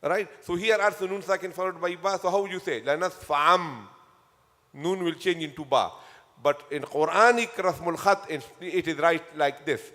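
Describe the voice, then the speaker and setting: Guy giving a quran class in a mosque, kinda high voice, echoey hall, says each word over and over and checks if students got it. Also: normal speed, fairly bright tone. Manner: patient, drills terms by repetition and quizzes students. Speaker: Quran teacher. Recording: long hall reverb.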